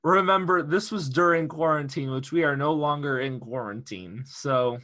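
A young man chatting on a casual podcast, his voice high and bright. He tells stories with a lot of energy, laughing often and cursing freely. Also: moderate pace. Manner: animated storyteller, laughs often, swears freely. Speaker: podcast co-host.

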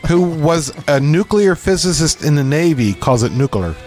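Middle-aged Pennsylvania man, podcast co-host, animated storyteller voicing his own quotes, faint music underneath. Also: fairly high pitch, normal speed. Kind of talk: casual chat.

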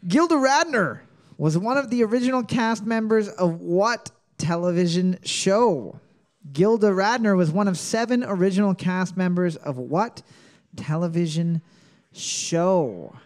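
A man with a high voice hosts a casual trivia quiz. He reads each question twice, then cracks jokes and laughs between rounds. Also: expressive, a little slow. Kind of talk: joking trivia quiz banter.

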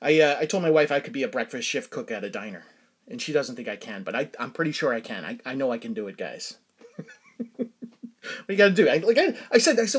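This middle-aged Massachusetts podcaster has a husky, medium-pitched voice with lively intonation and a fast pace. He carries a casual solo monologue, telling rambling stories punctuated by frequent laughter.

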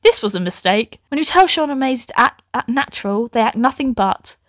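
A woman's voice: fairly high pitch, expressive, brisk, fairly bright tone, dry recording, clean studio sound. A young woman reading her own old story aloud, breaking off into laughing, sweary, self-mocking asides. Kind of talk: comic reading with commentary.

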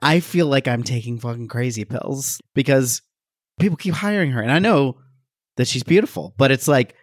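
A man co-hosting a casual movie podcast, at an ordinary middle pitch. He rambles and restarts, piling up wry complaints, recorded dry and close with no room sound. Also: normal speed, dry recording. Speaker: podcast co-host. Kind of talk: casual movie review chat.

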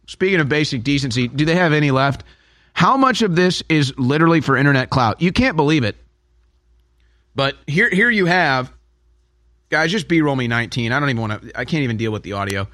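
A man's voice: a little high, lively intonation, fairly quick, a bit bright, dry recording, clean studio sound. A man hosting a commentary show, talking in a sarcastic, mocking way. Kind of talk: political commentary.

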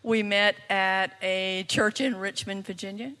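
A woman's voice: mid-range voice, steady tone, sharp tone, in a large hall. An older woman in her seventies, an audience member who answers the comedian in a playful way and stretches her emphasis. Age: 70s or older. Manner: playful, laughing, drawn-out emphasis.

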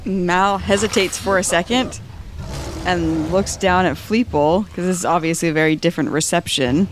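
A player in a tabletop game, describing actions in a halting, hesitant way. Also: medium pitch, slight background noise. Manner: hesitant, halting, repeats words.

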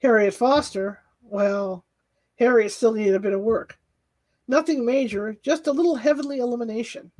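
A woman with a fairly high voice narrates a novel in a steady, even reading. Now and then she corrects a slip and carries on. It is straightforward audiobook narration. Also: moderate pace, low-quality recording. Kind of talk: scripted narration.

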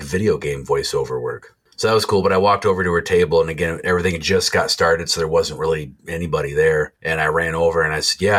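A man with a very low, deep voice co-hosts a casual podcast. He tells long, rambling stories in everyday talk and swears freely. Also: a bit bright. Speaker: podcast co-host.

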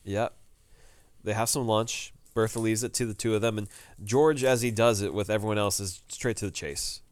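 A man's voice: fairly low pitch, normal speed, clear, resonant tone, no room sound. A man co-hosting a podcast, recapping a TV drama episode in casual chat and acting out lines from the scenes. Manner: animated, retells scenes with quoted lines. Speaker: podcast co-host.

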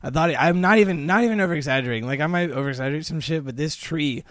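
Young male podcast co-host, slightly high voice, dry close sound, lively storyteller who acts out quotes. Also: rapid-fire, no echo. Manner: animated, acts out quotes, swears a lot. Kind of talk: casual storytelling chat.

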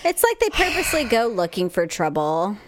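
A woman's voice: mid-range voice, very animated, fairly quick, noisy background. A woman co-hosting a podcast in casual chat, supportive and chiming in with short reactions. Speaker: podcast co-host.

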